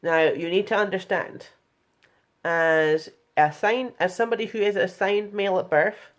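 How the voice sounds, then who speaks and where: A woman's voice: medium pitch, fairly even intonation, normal speed. A young woman talking frankly in a casual vlog tutorial, chatty and blunt, with plenty of fillers. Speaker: vlogger.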